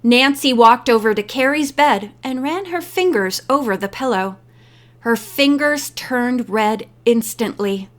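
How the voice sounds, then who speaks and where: A woman narrating a teen mystery audiobook in a measured reading. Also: fairly high pitch, lively intonation. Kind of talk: scripted narration.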